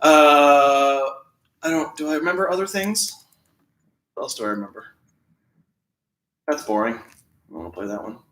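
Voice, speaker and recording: A man's voice: a little high, expressive, normal speed, pauses often, a little hiss or hum. A man hosting a casual livestream, reading viewer comments aloud with a chatty, self-deprecating manner and frequent laughter. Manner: chatty and self-deprecating, laughs often, plays and sings along on guitar. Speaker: livestream host. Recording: roomy sound with loud guitar. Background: acoustic guitar playing.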